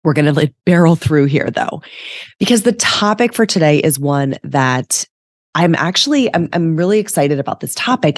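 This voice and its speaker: Low-pitched female host, slightly stuffy, chatty coach delivery, dry close sound. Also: lively intonation, moderate pace, dry recording. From United States. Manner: chatty, frequent "like" and "right?". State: stuffy from allergies. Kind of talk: casual solo podcast talk.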